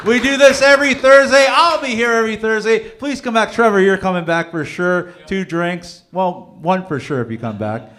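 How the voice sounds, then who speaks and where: A man hosting an open mic night, loudly thanking the crowd and calling out to the room at the close. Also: sits high, normal speed, few pauses. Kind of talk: closing announcements.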